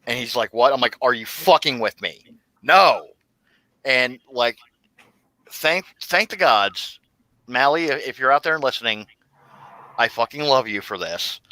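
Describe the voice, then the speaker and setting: Man, host, bright voice, dry close sound, animated swearing storyteller. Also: mid-range voice, a little slow, long pauses, no room sound, poor audio. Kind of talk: casual chat, storytelling.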